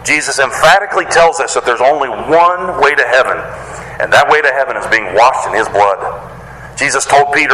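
A man's voice: mid-range voice, a little fast, sharp tone. A man preaching a sermon as pastor, earnest and emphatic, building his points through repeated phrases. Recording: echoey hall, faint noise.

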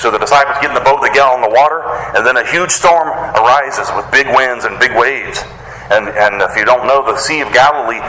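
A man preaching a sermon, animated and casual, who acts out the voices of the people he quotes in a higher pitch. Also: echoey room, slight background noise, low-quality recording. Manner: casual wording with playful slang. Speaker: pastor.

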